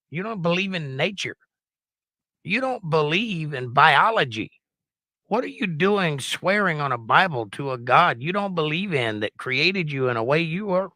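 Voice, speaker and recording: A man's voice: fairly high pitch, bright, forceful tone, no room sound. A man with a Southern US accent giving sarcastic, theatrical commentary over news clips. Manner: sarcastic, theatrical announcer bursts. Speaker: guest commentator.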